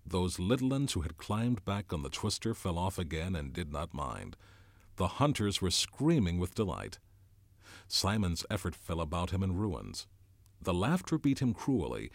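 A man narrates a novel in a lowish voice with widely swinging intonation. His reading is expressive and dramatic. The recording is dry and close. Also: normal speed, dry recording.

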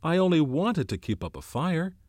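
A man's voice: mid-range voice, very animated, takes it slowly, a little mellow, no echo, clean studio sound, pitched above the performer's own voice. A man voicing a frightened teenage boy who is hunted and alone, speaking with urgent, anxious pleading.

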